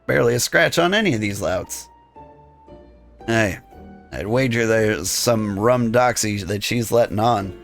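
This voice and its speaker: A man reading a gruff male rogue guild thief who talks in conspiratorial thieves' slang. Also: on the low side, animated, measured pace, soft background music. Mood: wry.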